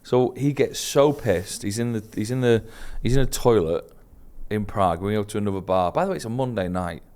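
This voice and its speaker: A British man co-hosting a comedy podcast, telling a chaotic holiday story in a casual, animated way and laughing as he goes. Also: lowish voice, fairly quick. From Britain. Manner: animated, laughs through his stories. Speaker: podcast co-host.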